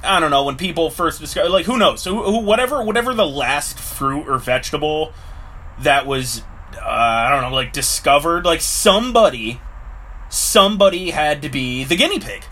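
A man's voice: a little high, expressive, normal speed, sharp tone. A man talking casually to camera in a rambling way, full of fillers, acting out little voices as he goes. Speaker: vlogger.

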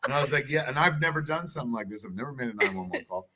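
Man, middle-aged, guest on a chat show, cursing storyteller, ordinary mid pitch. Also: rapid-fire, a little hiss or hum. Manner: profane, animated, swearing constantly.

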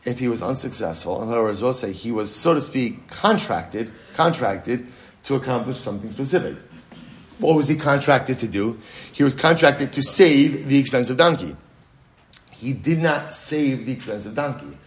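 Animated rabbi teaching Talmud. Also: male voice, mid-range voice, moderate pace. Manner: animated, asks and answers his own questions, repeats phrases, Hebrew and Aramaic terms. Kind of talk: lively Talmud class.

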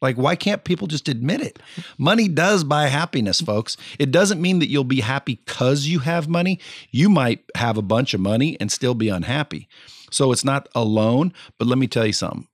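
A man's voice: medium pitch, animated, moderate pace, no echo, studio quality. A man hosting a casual podcast interview, preaching bluntly and profanely to his listeners. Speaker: podcast host.

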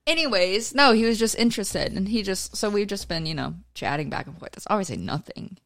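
A woman's voice: mid-range voice, animated, a little fast, dry recording, studio quality. A young woman from Kansas in a casual family chat, rambling and trailing off, full of fillers. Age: young adult.

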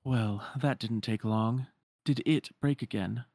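A man voicing a cold, contemptuous male superior from a game, speaking slowly and clipped. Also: medium pitch, darkish tone, dry recording, studio quality.

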